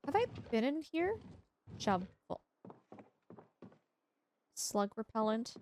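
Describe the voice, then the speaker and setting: A woman livestreaming a game, chatting casually and teasingly with her viewers, with quiet music behind her. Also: fairly high pitch, takes it slowly, slight background noise. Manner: chatty, animated, teasing, talks to chat. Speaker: streamer. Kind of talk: casual livestream chat while gaming.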